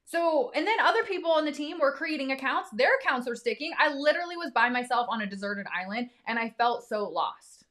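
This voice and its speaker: A woman's voice: sits high, lively intonation, fairly quick, hardly any pauses, fairly bright tone. Candid, blunt woman venting on a live stream. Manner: emotional, blunt, frequent swearing. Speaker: business coach.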